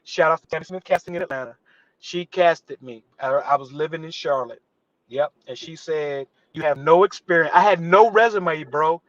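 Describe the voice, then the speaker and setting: Animated man telling a story, muffled audio. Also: a little high, normal speed, dry recording. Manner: animated, acts out quotes with voice shifts. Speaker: actor guest. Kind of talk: storytelling in a live interview.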